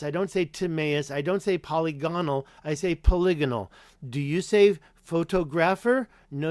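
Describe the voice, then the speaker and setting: A man's voice: fairly high pitch, darkish tone, clear, resonant tone, no echo, studio quality. A man hosting a casual live-stream Q&A, rambling and chatty, correcting himself and reading viewer names aloud. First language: English. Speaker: YouTube host answering live chat.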